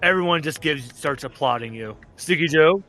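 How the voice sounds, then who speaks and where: A man's voice: a little high, expressive, normal speed, bright, forceful tone. A man narrating as game master in a casual, rambling way, swearing and laughing often.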